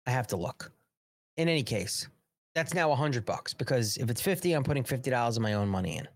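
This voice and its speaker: A man's voice: mid-range voice, expressive, quick pace. A man hosting a live political talk show, ranting and sarcastic, breaking off his own sentences and stopping to plug his products. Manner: ranting, sarcastic, restless and self-interrupting. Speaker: host.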